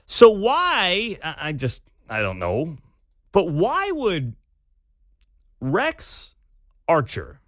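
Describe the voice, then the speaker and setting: Man, talk radio host, scornful, slightly high voice, dry studio sound. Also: fairly bright tone, no echo. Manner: sarcastic, scornful. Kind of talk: opinionated talk radio monologue. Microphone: studio microphone.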